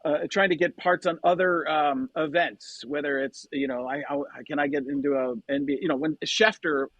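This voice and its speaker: A man, a comedian guest, talking in casual podcast chat, animated and quick to slip into impressions. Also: a little high, dry recording.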